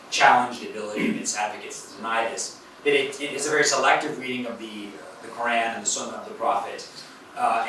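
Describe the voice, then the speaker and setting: A man's voice: medium pitch, sharp tone. A man, a university professor, giving an academic lecture in a hall in a conversational way, with fillers and self-corrections. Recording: very echoey hall, voice from a distance, faint noise.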